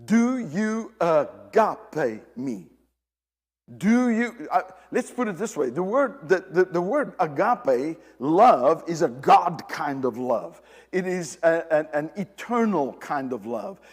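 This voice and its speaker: A man's voice: fairly high pitch, lively intonation, a little slow, husky, big-room sound. A man preaching a sermon, emphatic and direct with the congregation, often repeating and restarting his phrases.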